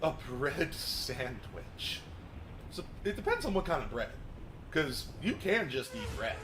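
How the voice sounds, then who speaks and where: A man streaming a racing game, commenting casually, swearing often and breaking into yelps and shouts. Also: medium pitch, a little slow. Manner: excitable, swears a lot, bursts into yelps and shouts. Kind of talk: live gameplay commentary. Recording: noisy game stream audio.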